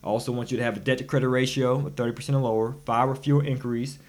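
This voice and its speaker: A man giving a motivational personal finance lesson, talking in an animated, preachy way with sudden loud, emphatic bursts. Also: mid-range voice, rapid-fire. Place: recorded instruction.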